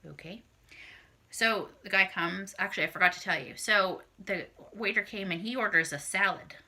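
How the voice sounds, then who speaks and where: Very bright-voiced, foul-mouthed woman. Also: medium pitch, a little fast. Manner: blunt, heavily profane, acts out her own reactions. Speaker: vlogger. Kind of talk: casual storytelling to camera.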